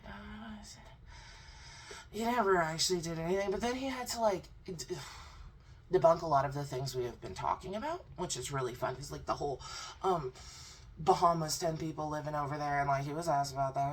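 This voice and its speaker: A woman's voice: sits low, fairly quick. A young woman giving a blunt, sarcastic, profane crypto commentary vlog. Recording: distant mic with faint background noise.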